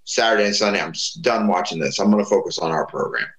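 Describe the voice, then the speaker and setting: A man's voice: sits low, lively intonation, quick pace, vocal fry, fairly bright tone, reverberant, rough recording. A man casually telling profane wrestling stories, acting out the voices of people he quotes. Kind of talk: casual storytelling chat.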